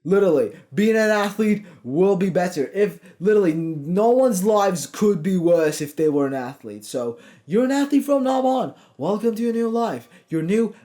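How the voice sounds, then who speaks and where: A man's voice: high voice, dark tone. A young man in his twenties, a fitness coach giving a blunt, profane, pushy motivational talk. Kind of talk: casual motivational vlog.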